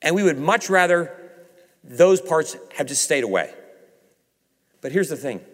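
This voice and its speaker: A man preaching a sermon, swinging from raised emphasis to hushed low passages and acting out quoted dialogue. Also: animated, a little slow. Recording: reverberant hall.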